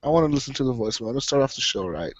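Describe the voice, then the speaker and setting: A man's voice: mid-range voice, animated, racing, dull audio. A man hosting a casual gaming podcast, swearing freely and laughing often. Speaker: podcast host.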